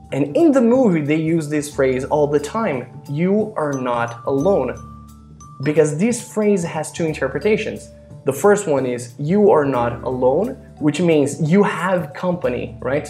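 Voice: medium pitch, a little mellow. American-accented English teacher drilling pronunciation. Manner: explains slowly, repeats words for practice. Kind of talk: online English lesson.

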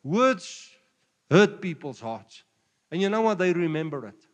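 Joking South African pastor in a hall. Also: male voice, high-pitched, lively intonation, measured pace. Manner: switches between Afrikaans and English, jokey, laughs often. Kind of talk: sermon. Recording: long hall reverb.

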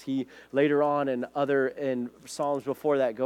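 A man's voice: medium pitch, level tone, normal speed, hardly any pauses, darkish tone, no echo. A man preaching a sermon as pastor, earnest, reading scripture aloud to his congregation.

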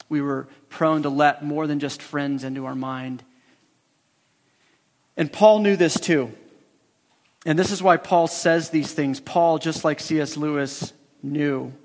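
A man's voice: fairly high pitch, big-room sound. A male pastor preaching a sermon, emphatic and repeating his key phrases for weight.

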